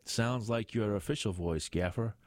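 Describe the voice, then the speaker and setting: A man's voice: on the low side, moderate pace, a little mellow, no echo, studio quality, natural voice. A man voicing a cheeky younger male police sergeant who teases his boss. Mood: teasing. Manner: teasing and jokey. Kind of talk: audiobook character voice.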